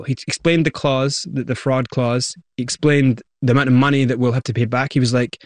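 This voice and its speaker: A man, the guest in an interview, retelling his past with lively acted-out quotes. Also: mid-range voice, fast, dry recording. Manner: animated retelling, acts out quoted voices. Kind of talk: storytelling interview.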